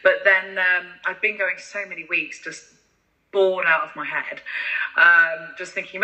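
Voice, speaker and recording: A woman with a deep voice, telling animated stories as a podcast guest. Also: unhurried, poor audio. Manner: animated, acts out voices in anecdotes. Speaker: guest singer-songwriter. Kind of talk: casual interview storytelling.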